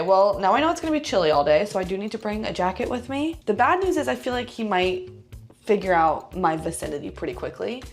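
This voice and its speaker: A woman's voice: mid-range voice, gravelly. A woman vlogging to camera as the hider in a travel game, with confident, teasing asides. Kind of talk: vlog narration to camera.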